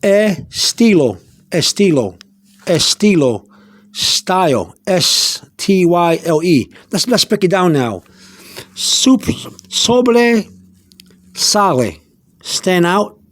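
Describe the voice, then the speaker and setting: Slow, high-voiced man teaching vocabulary. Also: sing-song, a bit bright, no echo. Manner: slow and repetitive, spells words out letter by letter; meandering, with many restarts and fillers. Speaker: Spanish teacher. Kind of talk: informal vocabulary lesson.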